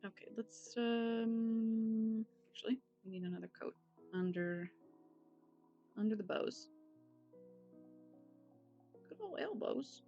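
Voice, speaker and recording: Gravelly-voiced joking woman painter. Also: fairly high pitch, flat delivery, takes it slowly, long pauses, dark tone, highs cut off, soft background music. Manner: playful, joking. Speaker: miniature painter. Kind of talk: casual chat while painting.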